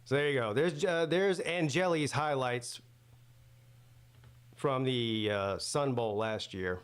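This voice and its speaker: A man's voice: mid-range voice, slow pace, clear, resonant tone. A man hosting a live football watch-party stream, chatting loosely and thinking aloud with lots of fillers and restarts. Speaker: sports watch-party host. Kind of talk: casual live-stream commentary.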